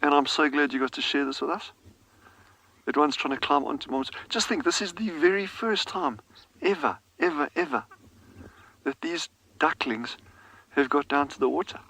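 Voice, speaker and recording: A man's voice: a little high, animated, normal speed, pushed and bright, breathy edge, rough recording. A man working as a field guide, gushing with overjoyed commentary during a live safari broadcast outdoors. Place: outdoors on a game drive.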